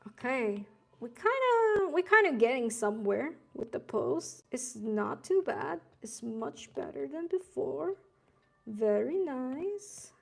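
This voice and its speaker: Slow-talking gravelly young woman streamer. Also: on the high side, animated. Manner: laid-back, rambling, swears casually, uses Gen Z slang. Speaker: streamer drawing live. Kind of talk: casual chat while drawing.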